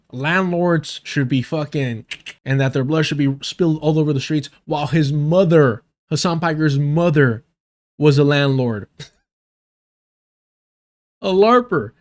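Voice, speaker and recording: A man hosting a live stream, ranting in profane, mocking commentary while reacting to a debate clip. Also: fairly high pitch. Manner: profane, mocking, animated rants to chat. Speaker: streamer host reviewing a debate.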